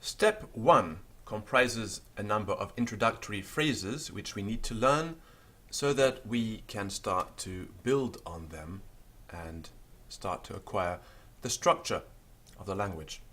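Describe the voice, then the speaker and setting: In a beginners' language lesson, a male teacher patiently spells words out letter by letter, speaking at a slow pace with hardly any pauses. His pitch is lively and he emphasizes the example words.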